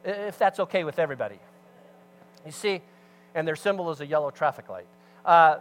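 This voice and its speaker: A man preaching a sermon as pastor, telling a story with animated swings between loud emphasis and hushed asides. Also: high-pitched, a little fast, soft background music, rough recording.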